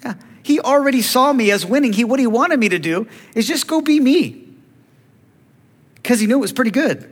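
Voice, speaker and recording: Animated male preacher in a reverberant hall. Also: very high-pitched, moderate pace. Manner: animated, acts out biblical dialogue, asks congregation for amens. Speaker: pastor. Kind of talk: sermon.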